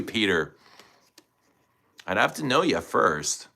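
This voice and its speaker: A man's voice: fairly low pitch, sing-song, unhurried, pushed and bright. A man hosting a casual live stream, chatting and thinking aloud as he unboxes and tries scents, talking to viewers by name. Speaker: livestream host reviewing fragrances.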